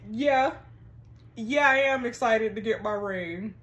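Sassy higher-voiced woman reacting to texts. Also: takes it slowly. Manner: sassy, animated commentary with frequent laughter. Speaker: gaming channel host. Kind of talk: reading text-message game aloud with reactions.

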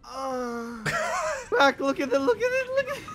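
High, giggly man joking over game music. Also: very animated, moderate pace. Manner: giggly, playful, bursts into loud laughter. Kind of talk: casual gaming chat with friends.

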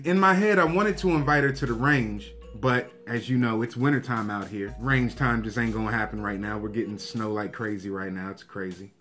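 A young man vlogger telling a story to his viewers, animated and profane, acting out the lines of the people in it. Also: medium pitch. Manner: animated, profane, acts out quotes. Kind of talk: casual storytelling to camera.

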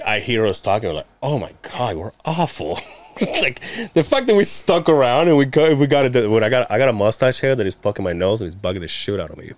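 A man's voice: medium pitch, no room sound. A young adult man co-hosting a podcast in casual chat, rambling and swearing, laughing often. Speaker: podcast co-host.

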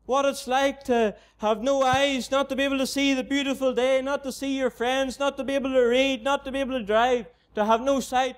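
A man's voice: very high-pitched, little pitch movement, brisk, few pauses, smooth. A man with a Northern Irish accent preaching a gospel sermon in a mission tent, earnestly repeating his appeals to the unbeliever.

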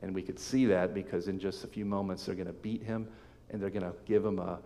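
A man preaching a sermon as pastor, reading scripture aloud with emphatic swells and sudden soft drops. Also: low-pitched, little pitch movement, a little fast. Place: church sanctuary. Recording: long hall reverb.

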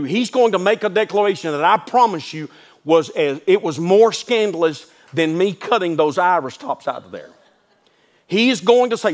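A man pastor preaching a sermon, telling folksy stories and building to emphatic declarations. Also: high voice. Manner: folksy asides, calls listeners "son".

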